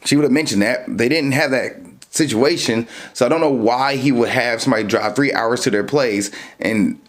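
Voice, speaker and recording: A man's voice: mid-range voice, moderate pace. A man hosting a dating show, casually breaking down a clip and giving advice in a rambling way. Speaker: podcast host.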